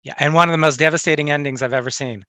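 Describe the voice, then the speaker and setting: A man interviewing an actress, asking quick questions in an enthusiastic, admiring way. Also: on the high side, sharp tone, dry recording.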